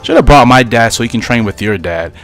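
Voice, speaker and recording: A man's voice: mid-range voice, expressive, fairly quick, fairly bright tone, soft background music, close to an everyday voice. A man voicing a cocky, competitive young boy.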